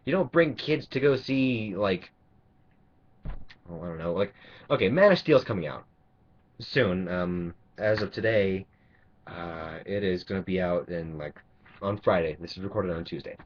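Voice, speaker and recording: A man's voice: on the low side, slightly rough. A man delivering an angry, sarcastic, profanity-laced rant to camera, rambling with restarts. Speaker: vlogger. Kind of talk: ranting monologue. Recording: dull lo-fi recording.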